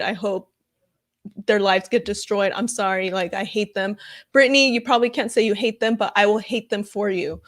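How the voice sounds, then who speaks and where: A woman reacting on camera in a casual vlog, talking in an upset, heated way with lots of fillers, and reading viewer comments aloud. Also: medium pitch. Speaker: comedian reacting to news.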